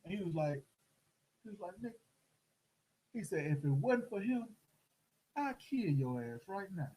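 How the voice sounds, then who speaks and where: A middle-aged man telling a story in casual chat, animated and acting out the voices of the people in it. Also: sits high, unhurried, husky, low-quality recording. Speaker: host.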